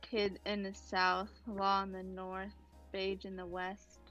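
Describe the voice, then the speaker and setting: Slow-talking woman recapping a comic. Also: mid-range voice, monotone, fairly bright tone, muffled recording, faint music behind. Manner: hesitant and unhurried, many ums. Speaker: podcast co-host. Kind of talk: casual manga recap, reading out dialogue.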